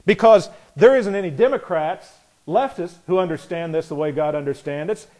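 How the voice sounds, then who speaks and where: A man preaching with a fairly high voice for a man. His delivery is folksy and sarcastic, and he slips into the voices of imagined people to make his point. His volume rises sharply when he drives a line home. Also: moderate pace. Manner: folksy and sarcastic, rising loud on punchlines. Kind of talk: sermon.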